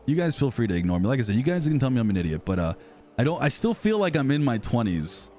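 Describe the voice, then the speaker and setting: Reading comments on his live stream, a thirtysomething man from the United States rambles casually and makes fun of himself in his American accent. He's a fast talker with a mid-range, sing-song voice and a dark tone, over slight background noise.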